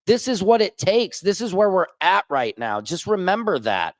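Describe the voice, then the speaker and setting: Guy vlogging from his roof, fairly high voice, dry close sound, rambles and restarts a lot. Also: dry recording. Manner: animated, talks fast with restarts and asides. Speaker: independent journalist and vlog host. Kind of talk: casual on-camera rant. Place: rooftop.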